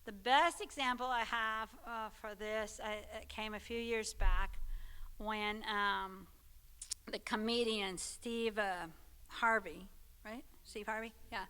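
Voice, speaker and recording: Woman, Sunday school teacher; bright, crisp voice, chatty, keeps checking in with the class. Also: medium pitch, fairly even intonation, slow pace. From Texas. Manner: conversational, checks in with listeners. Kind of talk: church teaching talk.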